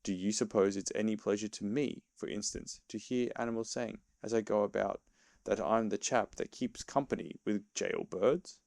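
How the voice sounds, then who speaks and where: A man's voice: on the low side, steady tone, moderate pace, gravelly, darkish tone, no echo. Sensible storybook rat, stern and reproachful, as a man with a dry, close voice puts him on. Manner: lecturing, serious and reproachful. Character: sensible stern male water rat friend.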